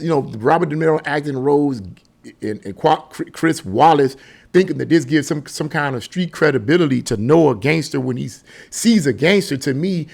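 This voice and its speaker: A man with a slightly higher voice and a gravelly fry talks through his casual video commentary. He rambles in a loose, chatty way and keeps breaking into chuckles. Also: a little mellow. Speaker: political commentary vlogger.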